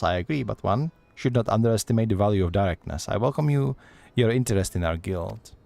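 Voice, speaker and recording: A man's voice: lowish voice, darkish tone, no echo, natural voice. A man voicing a stern, blunt male axe master from a game, reading his lines in a direct, solemn way. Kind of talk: reading game dialogue aloud.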